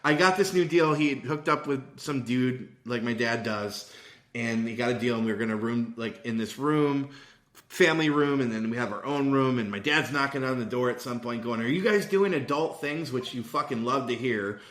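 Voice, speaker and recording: A man in his thirties with a bright, forceful voice, chatting casually and swearing freely. He rambles from story to story and laughs often. His voice sits in a roomy, echoing space. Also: mid-range voice, normal speed. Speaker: podcast co-host.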